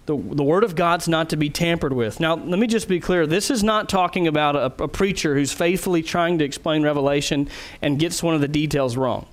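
A man's voice: fairly high pitch, brisk. A man preaching a sermon as a pastor, earnest and emphatic, putting direct questions to his listeners.

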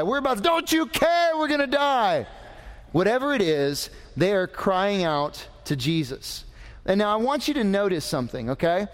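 A man preaching a sermon in a conversational way, adding joking asides to his congregation. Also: high voice. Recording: long hall reverb.

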